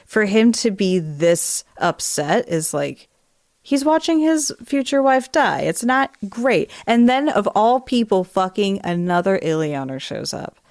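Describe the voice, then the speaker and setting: A young adult woman co-hosting a casual book podcast, animated and laughing as she reads quotes in playful accents. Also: mid-range voice, unhurried, no echo, studio quality. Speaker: podcast co-host. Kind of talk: casual book discussion chat.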